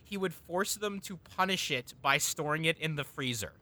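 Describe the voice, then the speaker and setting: Bright-voiced man telling a rambling story. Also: on the high side, expressive, normal speed. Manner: rambling, with restarts and ums. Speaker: storyteller in a podcast chat. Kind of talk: casual storytelling chat.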